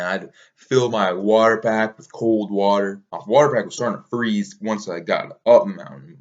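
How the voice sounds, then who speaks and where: A man's voice: lowish voice, dull audio. A man casually recapping a long mountain race, rambling, swearing easily and laughing at himself. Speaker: ultramarathon runner recounting a race.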